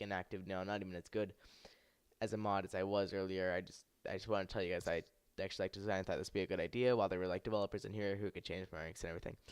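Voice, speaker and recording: A young man telling a long gaming story in a casual vlog, rambling and saying "like" a lot, his pitch climbing when he replays his own anger. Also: smooth, no room sound, studio quality. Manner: rambling, heavy use of "like" and "I was like". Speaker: YouTuber and game server moderator.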